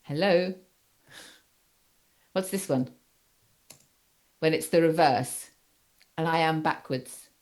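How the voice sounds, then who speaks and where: A woman with a low voice leads a class, pausing often on fillers and restarts. She keeps checking in with the students as she explains. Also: darkish tone. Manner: halting, many fillers, checks understanding. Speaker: teacher. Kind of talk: university seminar lecture.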